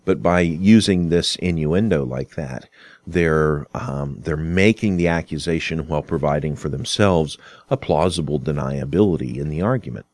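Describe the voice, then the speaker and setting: Guy with a really low voice talking thru a lesson, dry sound, easygoing and explaining. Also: darkish tone, dry recording. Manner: unhurried, explanatory, acts out quoted dialogue. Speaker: instructor on arguments and fallacies. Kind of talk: casual spoken lecture.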